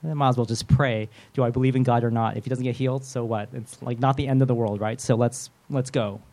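A man's voice: mid-range voice, fairly even intonation, fast talker, warm tone. Male pastor, middle-aged, casual storytelling sermon, conversational with lots of fillers. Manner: conversational, rambling with fillers and quoted inner thoughts.

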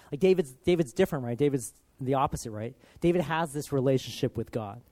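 A man giving an informal, conversational sermon, earnest and full of casual filler, swinging from loud emphasis down to soft, hushed lines. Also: medium pitch, fast, hardly any pauses, dry recording. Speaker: preacher.

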